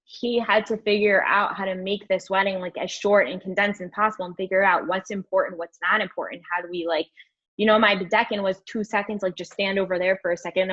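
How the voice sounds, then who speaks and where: A young woman guest telling a candid story in an interview, rambling and animated, filling her speech with "like". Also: mid-range voice, fairly quick. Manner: rambling, animated, heavy use of "like". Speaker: podcast guest. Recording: dull lo-fi audio.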